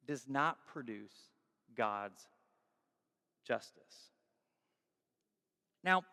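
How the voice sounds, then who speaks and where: A man's voice: on the high side, fairly bright tone, long reverb tail. A man preaching a sermon as pastor, earnest and pleading, building to fervent rhetorical questions.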